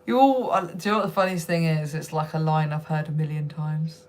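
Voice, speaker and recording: A woman's voice: sits low, steady tone, a little fast, darkish tone. Chatty woman swearing freely on a live stream. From United Kingdom. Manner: chatty, swears freely, laughs often, answers comments directly. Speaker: livestream host. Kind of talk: casual live chat with viewers.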